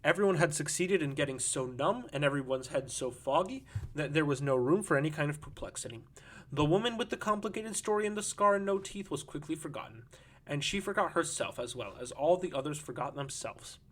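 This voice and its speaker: Guy narrating an audiobook, steady and measured, kinda high voice. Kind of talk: scripted narration.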